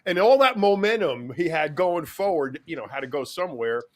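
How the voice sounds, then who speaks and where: Male co-host, lively storyteller, fairly high pitch. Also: moderate pace. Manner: animated storyteller, repeats words. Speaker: podcast co-host. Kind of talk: casual chat, storytelling.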